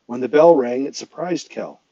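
A man reads a novel aloud in a steady, expressive way at an ordinary pitch. The recording is dry and close, with a slightly dull, lo-fi tone. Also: moderate pace, creaky, no room sound. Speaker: audiobook reader.

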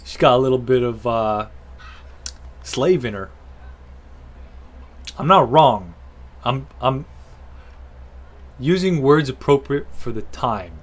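A man's voice: mid-range voice, expressive, slow pace, long pauses. A man doing casual, foul-mouthed let's-play commentary, joking and talking to himself and the game. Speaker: gaming video host.

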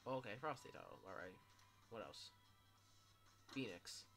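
A man commentating his own gameplay casually, swearing a lot and yelling in sudden bursts. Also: lowish voice, animated, unhurried, faint music behind. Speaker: gameplay streamer.

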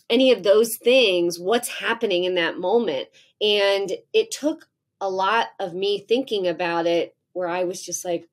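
Animated woman in her forties. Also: medium pitch. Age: 40s. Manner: animated storytelling, acts out heated exchanges with laughter. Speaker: communication professor guest. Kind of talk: candid podcast conversation.

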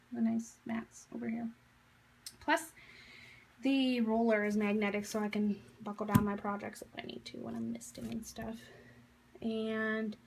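A woman's voice: mid-range voice, creaky, darkish tone, husky, rough recording. A woman in her thirties giving a casual, chatty tour of her home craft room, filming as she talks, with lots of fillers and self-deprecating asides. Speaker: craft vlogger.

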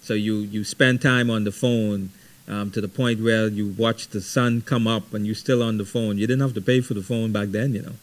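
A middle-aged man leading a Bible study, teaching conversationally with lively stories and frequent "right?". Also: fairly low pitch, moderate pace. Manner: animated storytelling, frequent ums and repeated "right?".

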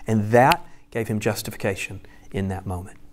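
A man's voice: fairly low pitch, normal speed, a little mellow, slight background noise. A male pastor giving a conversational teaching sermon, explaining step by step with friendly asides. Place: church room with a screen.

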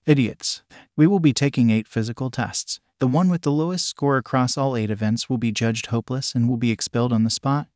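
A man's voice: mid-range voice, a little fast, no echo, lightly acted. A man reading the part of a menacing, blunt male teacher in a storybook reading, in a dry, close voice. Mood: stern. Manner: flat, clipped delivery.

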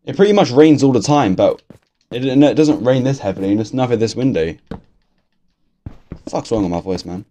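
A young English man giving casual, excitable gameplay commentary from his bedroom, swearing constantly and talking to himself. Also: mid-range voice, normal speed, long pauses, slight background noise. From England. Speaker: gaming youtuber. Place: bedroom at home.

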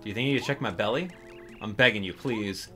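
A man voicing a big male whale with a bellyache, talking slowly and pleading for help. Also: lowish voice, fairly bright tone, soft background music, natural voice. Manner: slow, pleading and complaining.

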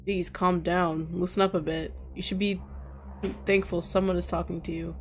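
A woman playing a visual novel, reading its lines aloud and breaking off into loud reactions and laughter. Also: on the low side, little pitch movement, normal speed, a little hiss or hum. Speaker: gaming streamer.

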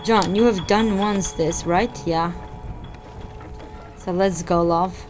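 A woman giving let's-play commentary on a horror game, jumpy and excitable, often gasping and exclaiming. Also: lowish voice, slow pace. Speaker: gaming streamer. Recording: game audio and music mixed in.

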